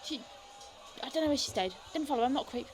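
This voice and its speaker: A woman voicing a jittery young male informant who stammers in a high, panicky voice. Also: expressive, fast, soft background music. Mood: stammering.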